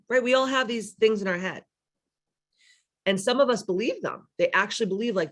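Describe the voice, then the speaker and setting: A woman's voice: medium pitch, moderate pace. Blunt, profane woman coach. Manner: blunt, profane, rhetorical "right?" asides. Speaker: spiritual life coach. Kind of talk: casual teaching talk.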